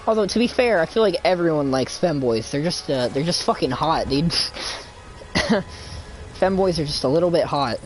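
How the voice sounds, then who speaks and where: A man's voice: a little high, animated, normal speed, slight background noise. A young man casually commenting while live-streaming a fantasy game, swearing and rambling with frequent laughter. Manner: profane, giggly, rambling.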